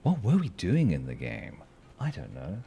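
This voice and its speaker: A hoarse man chatting casually while streaming a game, playful and rambling, with silly sing-song asides. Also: low voice, huge pitch swings, moderate pace, dark tone.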